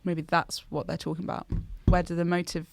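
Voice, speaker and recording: A woman's voice: fairly low pitch, level tone, brisk, gravelly, a little hiss or hum. A woman co-hosting a podcast, speaking tentatively and thinking aloud in casual chat. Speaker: podcast producer and co-host.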